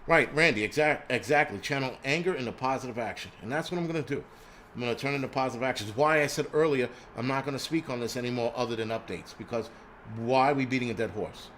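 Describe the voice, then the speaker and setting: A man's voice: mid-range voice, fast talker, fairly bright tone, slight background noise. A man from New York City hosting a prepping live stream, ranting angrily and bluntly with lots of swearing, restarts and stammers. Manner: angry, profane and blunt, with many restarts and stammers.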